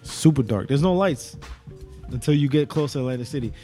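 A man's voice: mid-range voice, lively intonation, brisk, mellow, soft background music. A young man, co-hosting a podcast, telling rambling profane stories and laughing often. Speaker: podcast co-host. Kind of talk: casual chat.

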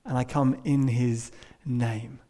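A man preaching a sermon, telling a story and moving between hushed and emphatic delivery. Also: mid-range voice, fairly even intonation, slow.

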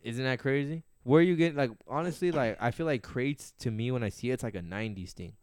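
A man co-hosting a podcast in casual chat, telling stories in an animated, chatty way. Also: mid-range voice, a little fast, smooth, dry recording, studio quality. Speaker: podcast co-host.

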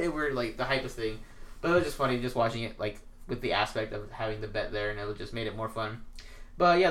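A man co-hosting a podcast, chatting casually and telling animated stories with plenty of swearing. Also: mid-range voice. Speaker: podcast co-host. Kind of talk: casual chat.

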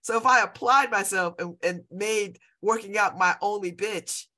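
Speaking at normal speed in a mid-range voice that's pushed and bright, a woman in her fifties hosts a show. Her talk is casual and rambling, full of laughter and repetition.

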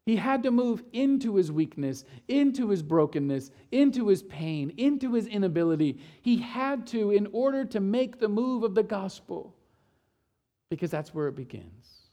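Male pastor, sermon delivery, higher-pitched voice, moves between loud emphasis and near-quiet lows. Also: big pitch swings, moderate pace. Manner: retells scripture, voicing quotes, swings from loud to hushed.

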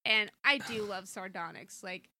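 A woman's voice: medium pitch, measured pace, pushed and bright, no echo. A young woman co-hosting a podcast, chatting enthusiastically about a cartoon episode and laughing often. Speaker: podcast co-host.

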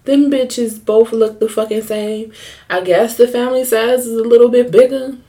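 On her casual solo podcast, a young female host talks in a mellow, steady voice on the high side, at a normal pace. Her chat is candid and profane, full of jokes and stories.

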